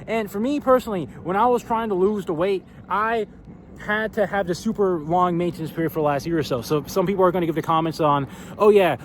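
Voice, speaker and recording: A man's voice: high voice, quick pace, slight background noise. A young man vlogging in a casual, profane, filler-heavy rant. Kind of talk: casual ranting monologue.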